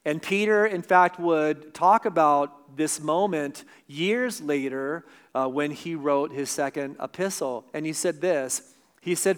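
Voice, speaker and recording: A man's voice: a little high, unhurried, clear, resonant tone. A man preaching an evening sermon in an earnest, conversational way, with asides and restarts. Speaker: pastor.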